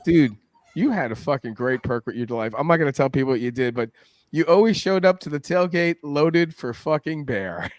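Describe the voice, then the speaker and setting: A man's voice: on the high side, lively intonation, moderate pace, dry recording. Profane, rowdy middle-aged man telling stories. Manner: profane, boisterous storyteller. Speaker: podcast host. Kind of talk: casual chat.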